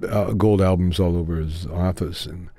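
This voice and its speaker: An older man spinning a relaxed, rambling story as a comedian guest, his voice sitting low. He drifts along with easy pauses and slips into the voices of the people in his tale. The sound is close and dry. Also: no room sound.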